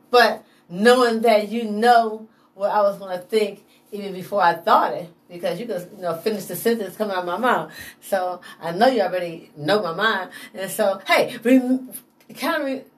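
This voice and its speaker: Rambling, laughing woman talking from afar. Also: medium pitch. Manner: digressive, laughing, profane, animated. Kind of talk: rambling spoken monologue. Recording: voice from a distance.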